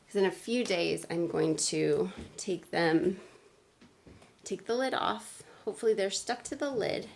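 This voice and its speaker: A woman teacher speaking gently to children in a video lesson, recorded on a phone. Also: mid-range voice, gravelly. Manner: slow, gentle, explaining to kids. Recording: phone video with faint noise.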